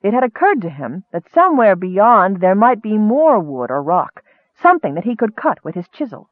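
A man narrating a fantasy story in a lively, expressive reading, recorded narrow and dry. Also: sits high, normal speed, no room sound. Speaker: audiobook narrator.

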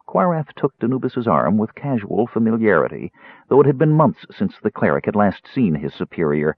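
A man narrating a fantasy audiobook in an expressive, scripted style, on a tinny, dry recording. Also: lowish voice, normal speed, breathy edge, no echo. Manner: expressive, voices characters.

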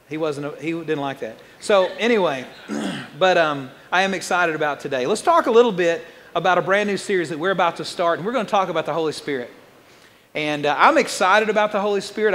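Fast-talking pastor, high voice, hall echo. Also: male voice, fairly bright tone, a little hiss or hum. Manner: fast-talking, jokey and conversational. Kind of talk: sermon.

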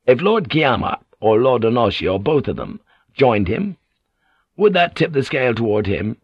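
A man's voice: mid-range voice, big pitch swings, normal speed, husky, no room sound, highs cut off. A man voicing a bold, impatient English ship's pilot who talks bluntly and urgently.

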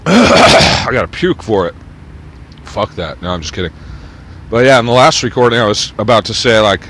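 A man's voice: on the low side, fairly bright tone, a little hiss or hum. Profane rambling man. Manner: profane, ranting, drifting between topics. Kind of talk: rambling monologue.

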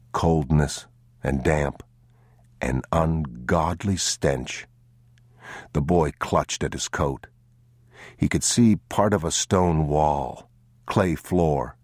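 A man narrating an audiobook in a grave, measured, somber manner. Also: a bass voice, a little mellow, dry recording, clean studio sound. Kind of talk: scripted narration.

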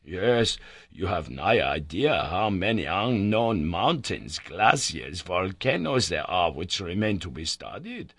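A courteous, earnest old-world scholar speaks slowly in a low, husky voice, as a narrator puts him on. The sound is dry and close-miked. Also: male voice, very animated, a bit bright, dry recording, full character voice. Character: worthy, earnest male Icelandic scholar.

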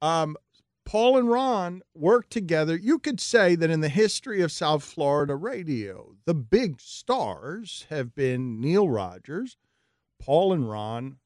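A man's voice: on the high side, very animated, slow, darkish tone, no echo, clean studio sound. A man hosting a casual radio talk show, who keeps cutting in and repeats himself insistently. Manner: interrupting, repetitive and insistent. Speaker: radio host.

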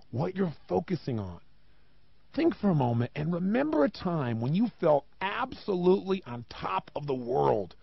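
A man giving a motivational talk, emphatic and animated, with many rhetorical questions and a gravelly voice. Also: high-pitched, no room sound, dull audio. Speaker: motivational speaker.

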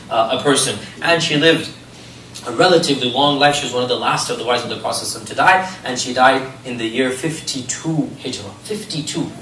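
Animated male lecturer in an echoey hall. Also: fairly high pitch, distant mic, slight background noise. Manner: animated storytelling with rhetorical questions. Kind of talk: religious history lecture.

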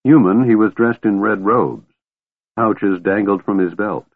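A man's voice: on the low side, measured pace, no echo. A man narrating a fantasy audiobook with an intense, dramatic delivery. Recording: tinny phone-like dry sound.

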